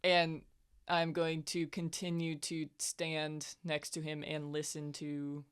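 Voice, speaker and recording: A woman's voice: low voice, monotone, slow pace, clear, resonant tone. A woman playing in a tabletop game, talking casually and swearing when surprised. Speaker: player.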